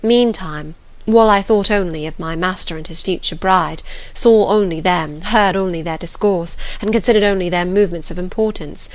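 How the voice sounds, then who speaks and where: Calm female audiobook narrator, gentle storytelling, dry close recording. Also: on the low side, normal speed, no room sound. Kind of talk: scripted classic novel narration.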